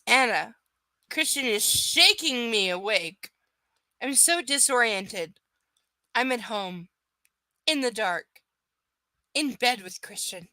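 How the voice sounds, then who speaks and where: A woman's voice: medium pitch, bright, forceful tone, no echo. Sarcastic, swearing woman reading aloud. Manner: sarcastic, profane asides. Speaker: live book reader. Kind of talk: casual live reading with commentary.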